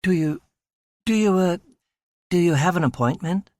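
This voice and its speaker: A man's voice: sits high, expressive, normal speed, a little mellow, no echo, pitched above the performer's own voice. A man voicing a flustered young woman receptionist who stammers and hesitates.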